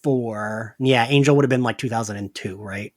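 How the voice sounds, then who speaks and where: A man's voice: mid-range voice, moderate pace. A man co-hosting a casual podcast chat, talking loosely and acting out quoted lines. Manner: chatty, acts out quoted lines. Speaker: podcast co-host.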